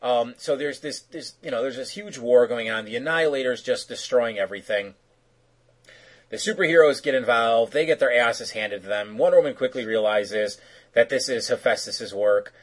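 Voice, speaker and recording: A man's voice: mid-range voice, moderate pace, low-quality recording. A man co-hosting a podcast, casually recapping an episode in a rambling, joking way. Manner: rambling, joking, filler-heavy. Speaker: podcast co-host.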